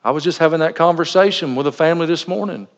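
A man's voice: on the high side, fast talker. A man preaching a sermon as a pastor, earnest and conversational, weaving in personal anecdotes. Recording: dull lo-fi recording in a reverberant hall.

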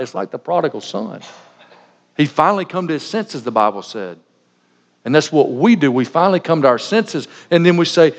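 A middle-aged pastor preaches a sermon in a high-pitched, lively voice at a moderate pace, folksy and joking, acting out little everyday scenes. The sound is dull with long reverb from a large hall.

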